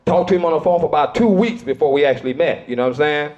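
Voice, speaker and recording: A man's voice: fairly high pitch, racing, a little mellow, dull audio. A middle-aged man doing a stand-up routine in a loose, conversational way, full of asides to the crowd. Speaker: stand-up comedian.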